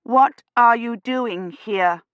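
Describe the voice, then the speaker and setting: A woman's voice: a little high, steady tone, a little fast, no echo, muffled recording, voice pushed up, close to an everyday voice. A woman reading an audiobook, voicing a frightened young woman time traveler who talks in an urgent, breathless way.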